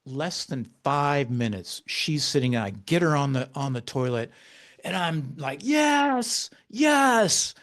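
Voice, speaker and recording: A man in a podcast conversation recounts a personal story in an ordinary mid-range voice. He talks in halting bursts, restarting his sentences often, and livens up sharply whenever he quotes his own words. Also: mid-range voice. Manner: animated when quoting himself. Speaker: author and guest.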